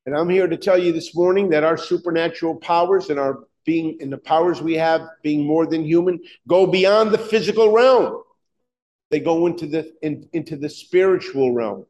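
A man preaching a sermon, emphatic and fervent, often questioning his listeners, with halting restarts and "uh" fillers. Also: on the high side, darkish tone, highs cut off. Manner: emphatic, rising to fervent peaks, asks the congregation questions.

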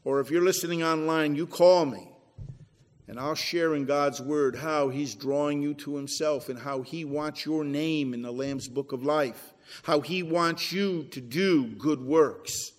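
A man preaching a sermon as pastor, swinging between emphatic peaks and low, quiet drops. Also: a little slow, long reverb tail. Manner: preachy, rising to emphatic then dropping low. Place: church sanctuary.

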